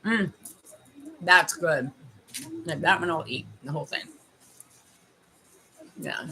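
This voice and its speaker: A woman's voice: deep voice, takes it slowly, pushed and bright, a little hiss or hum, poor audio. A middle-aged woman from Canada doing a casual livestream as a life coach, chatting with viewers while tasting candies and giving advice.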